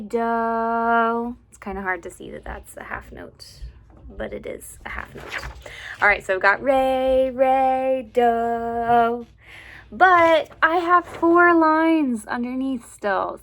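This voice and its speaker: A woman music teacher patiently explaining to students step by step, slowly singing out syllables and solfege notes as examples. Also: on the high side, pushed and bright, a little hiss or hum. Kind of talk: instructional lesson to students.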